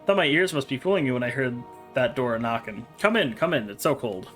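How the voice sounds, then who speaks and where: A man reading the lines of a warm, fussy middle-aged woman in a storybook, motherly and gushing. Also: medium pitch, expressive, fairly quick, faint music behind, natural voice.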